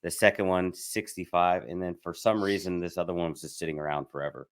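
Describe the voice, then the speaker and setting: A man's voice: low-pitched, steady tone, fast talker, clean tone, dry recording, studio quality. A man co-hosting a casual podcast, fighting a cold and losing his voice, telling stories in a laid-back way. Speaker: podcast co-host. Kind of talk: casual chat.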